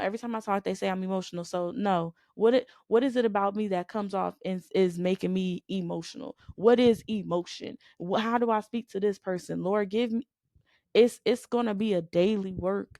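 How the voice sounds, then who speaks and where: A woman co-hosting a faith podcast. She preaches conversationally, driving each point home through repetition and rhetorical questions. She has a gravelly edge, a middling pitch and a dry, close recording. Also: mellow, no room sound. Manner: emphatic, repeats "you know what I'm saying". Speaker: podcast co-host.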